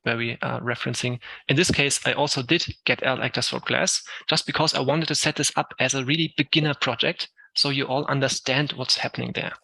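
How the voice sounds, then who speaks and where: A man's voice: mid-range voice, steady tone, fairly quick, vocal fry, few pauses, pushed and bright, poor audio. A man with a German accent, an Unreal Engine instructor giving a live tech talk, explaining step by step with frequent ums while answering questions.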